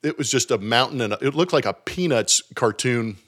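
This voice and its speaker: A man from Southern California, a former baseball player, telling an animated story in casual podcast chat with plenty of fillers. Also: mid-range voice, moderate pace.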